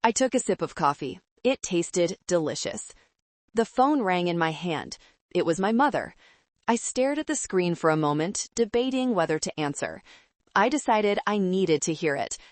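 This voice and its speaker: A woman narrating a first-person story in a calm, measured, coldly resolved way. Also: on the low side, dry recording.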